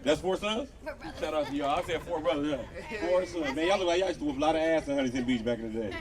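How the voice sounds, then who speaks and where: Man from LA, stand-up comic, slightly high voice, distant live mic, crowd laughing. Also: rapid-fire. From Los Angeles. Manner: loose, profane crowd work with a rhythmic street cadence. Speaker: stand-up comedian. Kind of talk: live stand-up comedy set. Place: outdoor patio comedy show.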